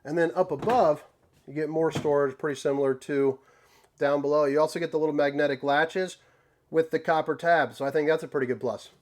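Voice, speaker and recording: A man hosting a casual walkthrough tour inside an RV, talking in a folksy, joking way with relaxed slang. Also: fairly high pitch, brisk. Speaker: RV tour host.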